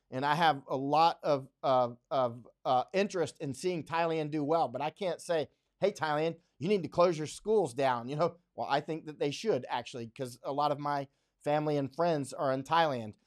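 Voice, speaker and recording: A man's voice: on the high side, normal speed. A middle-aged man hosting a live stream, talking bluntly and emphatically, often repeating himself to drive a point home. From United States. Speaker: livestream host. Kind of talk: unscripted live commentary.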